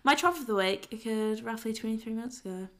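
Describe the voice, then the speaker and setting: A woman's voice: on the high side, fast, very noisy. A woman, co-hosting a casual podcast chat in a studio, dry and teasing. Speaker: podcast co-host.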